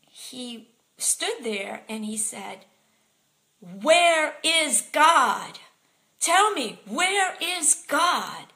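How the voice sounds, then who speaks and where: Woman storyteller: slow, breathy half-whisper, bright, slightly high tone. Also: low-quality recording. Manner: soft, half-whispered, heartfelt delivery. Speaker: speaker sharing a personal story. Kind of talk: personal storytelling talk.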